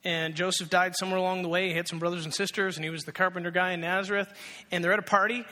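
Male pastor, fairly high bright voice, storytelling sermon, reverberant church. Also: very fast. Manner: animated storytelling, acting out characters, then hushed and prayerful.

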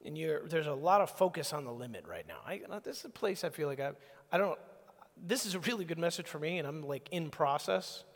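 A man preaching a sermon in a conversational, animated way, acting out little exchanges as he goes. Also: a little high, fairly quick. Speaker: pastor. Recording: long hall reverb.

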